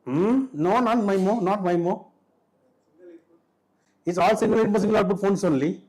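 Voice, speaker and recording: High-voiced Indian English lecturer. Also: male voice, a little mellow, low-quality recording. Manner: asks the class frequent quick questions. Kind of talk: classroom lecture. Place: college lecture hall.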